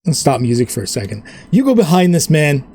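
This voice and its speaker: A man's voice: a little high, big pitch swings, brisk, darkish tone, husky. A man narrating as game master in a loose, rambling way, full of fillers.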